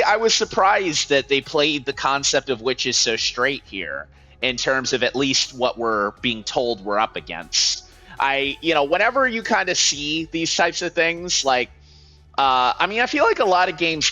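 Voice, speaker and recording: A man's voice: medium pitch, very animated, unhurried, bright, forceful tone. A man giving casual, rambling gameplay commentary as a streamer, often correcting himself.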